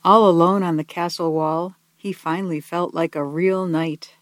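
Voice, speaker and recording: A storyteller reading a children's picture book aloud, gently and expressively, slowing down on key words. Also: mid-range voice, dry recording. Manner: gentle, expressive, soft-spoken, slowing for emphasis.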